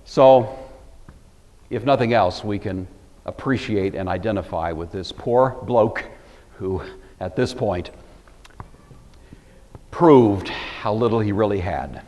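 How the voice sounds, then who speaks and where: Slow and given to long pauses, an older Bible teacher from the Pacific Northwest lectures with earnest emphasis and wry asides. His fairly low, slightly mellow voice has a plain Pacific Northwest accent and a big-room sound.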